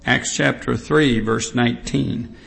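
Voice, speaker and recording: A man preaching a sermon, reading scripture aloud and stressing points slowly and emphatically with repetition. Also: medium pitch, steady tone, vocal fry, fairly bright tone.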